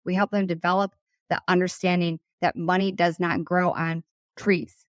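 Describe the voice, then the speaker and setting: A woman in her thirties talks through her podcast in an earnest, conversational way. Her voice sits on the low side, and it comes across dry and close with no room sound. She speaks with passion, like an advisor coaching parents. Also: level tone, normal speed, no room sound, lo-fi sound. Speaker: podcast host and financial advisor. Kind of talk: solo podcast talk.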